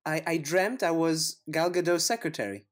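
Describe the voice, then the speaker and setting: A woman's voice: sits low, normal speed. A woman co-hosting a podcast in casual chat, rambling through stories and giggling often. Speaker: podcast co-host.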